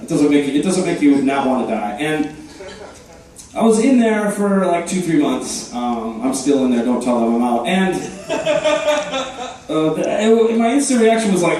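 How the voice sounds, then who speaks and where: A man works a comedy club crowd with deadpan, self-mocking jokes, tossing in quick asides as he hosts the night. His voice sits a little high and sounds distant, and the club around him echoes heavily. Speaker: stand-up comedian and host. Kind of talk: stand-up comedy set. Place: comedy club stage before a live crowd. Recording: echoey room, voice from afar.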